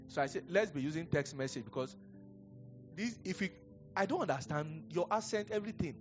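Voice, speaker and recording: A man's voice: a little high, animated, brisk. A middle-aged man with a Nigerian accent, a pastor preaching a sermon in a chatty, rambling way, breaking off into stories with chuckles. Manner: conversational, digressive storytelling with chuckles. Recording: dull lo-fi sound with faint music.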